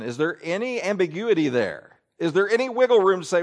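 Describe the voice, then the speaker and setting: A man preaching a sermon in church, his voice sitting a little high and swinging widely in pitch. He reads Scripture aloud and presses his points with emphatic rises and drops. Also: big pitch swings, fast, few pauses. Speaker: pastor.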